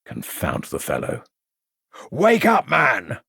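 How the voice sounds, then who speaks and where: A man voicing a brisk, authoritative Victorian police inspector in an audiobook reading. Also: lowish voice, very animated, no echo, studio quality. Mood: stern. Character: stern, clipped Victorian male detective inspector.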